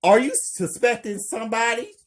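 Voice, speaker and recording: A man voicing a frightened young woman doctor, yelling shrilly in a story. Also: very high-pitched, normal speed, voice pushed up. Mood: scared yelling.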